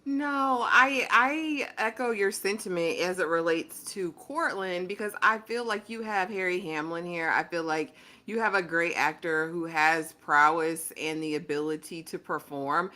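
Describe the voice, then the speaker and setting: Low, bright-toned woman panelist. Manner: articulate, measured critique. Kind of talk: casual panel discussion.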